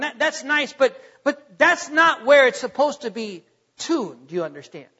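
A man's voice: very high-pitched, pushed and bright. A man preaching as pastor of a church, earnest and repeating his words as he questions the congregation. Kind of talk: sermon. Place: church sanctuary. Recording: dull, muffled recording with long hall echo.

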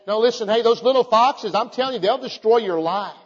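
An older man preaching a fervent sermon to a congregation, calling out to them and reading scripture aloud in a measured cadence. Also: sits high. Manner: fervent, exhorting preaching with rhetorical calls to the congregation. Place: church hall before a congregation. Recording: echoey hall, dull lo-fi sound.

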